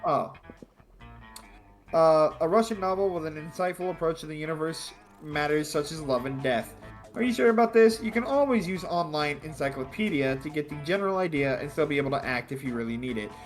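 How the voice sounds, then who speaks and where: A man's voice: fairly high pitch, expressive, fairly quick, soft background music. A man playing a video game with friends, reading the on-screen text aloud in a casual way with joking asides and mild swearing. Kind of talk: casual playthrough chat.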